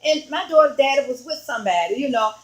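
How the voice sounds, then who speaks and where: A woman evangelist telling a personal story on her vlog in a halting, rambling, conversational way. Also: high voice, animated, poor audio. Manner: halting, rambling retelling full of fillers; earnest, conversational.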